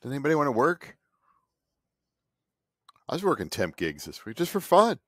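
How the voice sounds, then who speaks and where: A man's voice: medium pitch, huge pitch swings, moderate pace, fairly bright tone, dry recording, clean studio sound. A man in his fifties, an artist vlogger, talking in a cranky, sarcastic, rambling way and mocking other people. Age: 50s. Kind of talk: casual rambling monologue. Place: home studio.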